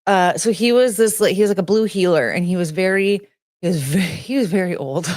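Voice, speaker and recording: A woman's voice: fairly quick, no room sound. Giggly rambling woman streamer, dry sound. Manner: rambling and giggly, with lots of fillers and restarts; jumps between high excited greetings and low mumbling asides. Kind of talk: casual chat reading out chat names.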